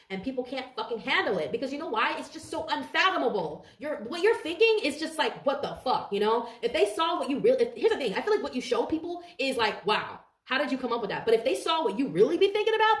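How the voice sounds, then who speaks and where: A woman giving a casual tarot reading to camera, swearing freely, repeating herself and rising into animated rants. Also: fairly high pitch, echoey room, distant mic. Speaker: tarot reader.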